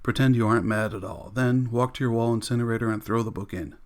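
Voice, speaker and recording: Ein älterer Mann flüstert drängend und flehend, gelesen von einem Mann, gedämpft und beharrlich, in einer Hörbuchszene mit mittlerer Stimmlage. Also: male voice, mid-range voice, steady tone, fast talker, close to an everyday voice. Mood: pleading. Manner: pleading, hushed and insistent. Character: urgent older man whispering in an earpiece.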